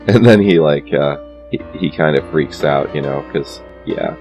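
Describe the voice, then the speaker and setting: A young man with a very deep, low voice chats loosely through a comic book recap. He chuckles often and wanders through his sentences with lots of "uh" and "like," while faint guitar music plays behind him. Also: animated, unhurried. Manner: laughs often, rambling with many fillers. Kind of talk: casual comic review.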